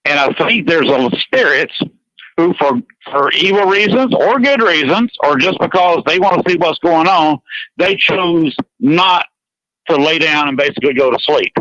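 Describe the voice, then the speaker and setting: A man with a Southern Georgia accent chats on radio, rambling and earnest and repeating himself. His voice is bright and a little high. The sound is dry and slightly muffled. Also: animated, normal speed, no echo. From Georgia, USA. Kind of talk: casual chat on a radio show.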